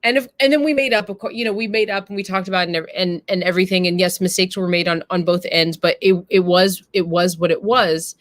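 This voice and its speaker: A woman's voice: on the low side, steady tone, fast, hardly any pauses, dry recording, clean studio sound. A woman hosting a live stream, talking earnestly and casually and addressing her viewers directly. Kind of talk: casual reflective talk to viewers.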